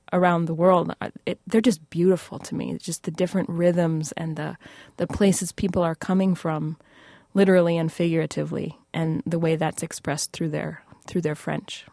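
A woman speaks as an expert guest in a radio interview, talking about the subject enthusiastically. Her voice is on the low side and often restarts mid-phrase. The studio sound is dry and close. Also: a little mellow, dry recording. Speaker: French language expert guest.

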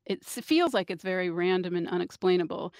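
A woman's voice: fairly low pitch, expressive, fairly quick, a little mellow, no echo, studio quality. Thoughtful woman linguist explaining. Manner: explanatory, thoughtful, with fillers and restarts. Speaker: linguist and author, guest. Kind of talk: radio interview.

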